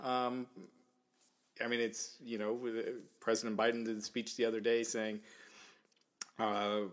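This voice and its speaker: A male podcast host at a middle pitch, chatting casually with friends. He hesitates often, padding his thoughts with fillers and restarting sentences before he finds his point. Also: flat delivery, a little slow. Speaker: podcast host reading viewer messages. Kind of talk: casual chat.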